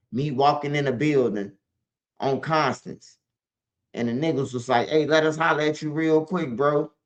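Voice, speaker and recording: A man's voice: medium pitch, fairly bright tone. A man with a Chicago accent telling his story in casual, profane street slang, full of "man" and "bro".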